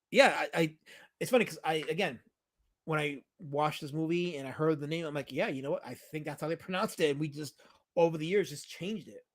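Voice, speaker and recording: A man hosting a casual livestream, rambling about old movies and teasing his chat. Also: on the high side. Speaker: livestream host.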